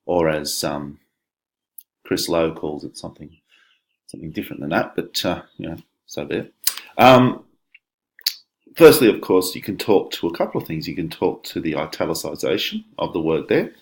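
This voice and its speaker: A man's voice: low-pitched, very animated, normal speed, gravelly. A man, a teacher talking students through an exam paper in a conversational, explanatory way, with frequent fillers and restarts. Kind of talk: exam walkthrough lesson.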